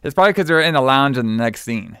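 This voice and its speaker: A man's voice: mid-range voice, animated, fast, bright, forceful tone, smooth, no echo, studio quality. A man on a podcast recapping a movie in casual chat, rambling and repeating words as he acts out bits of dialogue. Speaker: podcast co-host.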